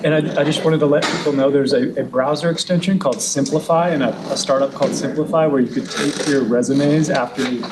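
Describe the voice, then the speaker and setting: A man in the audience speaks up during the Q&A and talks quickly. He restarts his sentences now and then. Loud noise sits under his voice. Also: fairly high pitch, steady tone. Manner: hesitant, halting restarts. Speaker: audience member. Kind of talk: casual comment in Q&A.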